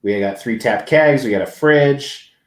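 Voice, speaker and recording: A man with a medium-pitched voice hosts a live stream from a large indoor convention venue, where the sound is roomy. He talks at a measured pace, chatting casually with viewers, rambling and swearing freely.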